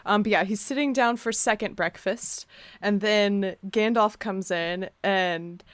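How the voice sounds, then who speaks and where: A woman co-hosting a casual podcast chat, animated, often acting out quoted lines in exaggerated voices. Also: mid-range voice, a little slow, no room sound, studio quality. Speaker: podcast co-host.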